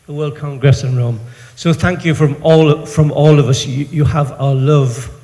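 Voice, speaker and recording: A man's voice: on the high side, steady tone, moderate pace. Emotional British man asking a question. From United Kingdom. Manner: warm, emotional gratitude. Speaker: charity worker. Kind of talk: audience question at a conference. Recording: reverberant conference hall.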